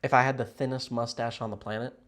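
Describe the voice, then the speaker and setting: A livestream host chats casually with viewers from a hotel room, rambling in a playful, sarcastic way and swinging between loud outbursts and mutters. His medium-pitched voice stays fairly even in intonation and moves fast.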